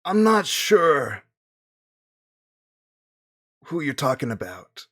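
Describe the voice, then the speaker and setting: A man voicing a greasy middle-aged male Toydarian mechanic, putting on a loud, hammy Italian accent. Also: extremely high pitch, very animated, very slow, vocal fry, voice pushed up, heavily acted. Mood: gruff.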